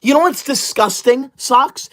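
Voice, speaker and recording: Comedy sketch: performer as a self-righteous young livestreamer, scolding and banning chatters in outraged shouts. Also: sits high, measured pace. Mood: indignant. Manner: indignant scolding, sudden shouted outbursts. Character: self-righteous school-loving young streamer, touchy.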